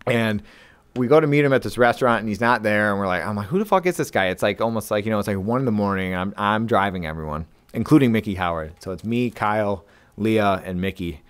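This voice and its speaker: A man's voice: lowish voice, fast, clear, resonant tone. A man from upstate New York, co-hosting a podcast, tells a rambling story in casual chat with lots of fillers and swearing. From Lewiston, New York. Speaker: podcast co-host.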